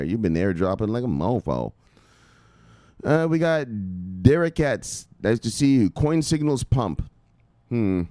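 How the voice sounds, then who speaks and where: A middle-aged man hosting a casual crypto live stream, joking, swearing and calling out viewers' names with a loud "bang". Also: fairly low pitch, no room sound, clean studio sound. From United States. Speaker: crypto video host.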